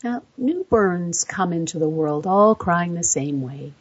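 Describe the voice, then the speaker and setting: A woman narrating an explanatory voice-over, measured and setting out facts point by point. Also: on the low side, expressive, husky, no echo. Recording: dull lo-fi dry recording.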